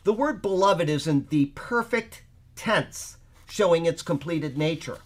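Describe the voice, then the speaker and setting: Man, Bible teacher, fairly high voice, informal study session, checks in with listeners, thinks aloud. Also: lively intonation, a little slow. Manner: checks in with listeners, often asking "okay?"; thinks aloud with fillers while explaining.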